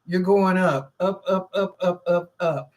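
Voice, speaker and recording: A woman's voice: lowish voice, steady tone, unhurried, darkish tone. A woman hosting a live stream of psychic readings, answering chat questions in a chatty, informal way, thinking aloud and repeating phrases. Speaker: psychic reader and show host.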